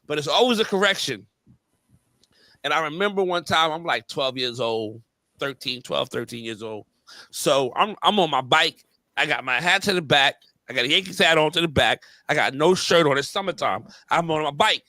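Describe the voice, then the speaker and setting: A man's voice: on the high side, normal speed, pushed and bright, no room sound. A man hosting a podcast, telling stories in casual chat with heavy slang and fillers. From New York area. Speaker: podcast host.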